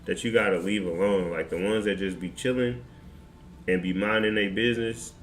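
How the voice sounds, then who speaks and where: A man streamer telling a story in casual, slangy, animated fashion. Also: lowish voice, moderate pace. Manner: animated, slangy, excitable retelling. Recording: roomy with faint background noise.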